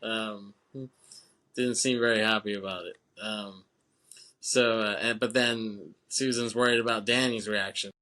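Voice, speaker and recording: A man with a bright, forward voice chats casually as a podcast co-host. He laughs often and swears freely while recapping a film. He slips into quick impressions of the characters' lines. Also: lowish voice, steady tone.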